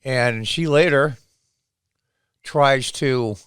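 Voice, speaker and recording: A man's voice: medium pitch, drawn-out words, a bit bright, clear, resonant tone, no echo, clean studio sound. A man hosting his own channel, casually retelling a series scene by scene with quoted lines. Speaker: show host.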